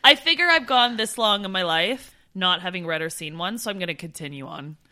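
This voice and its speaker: A woman co-hosting a casual travel podcast, chatty and animated, with a bright, forward voice. She swears offhandedly and talks in quick bursts. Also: lowish voice. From Canada. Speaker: podcast co-host. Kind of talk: casual chat.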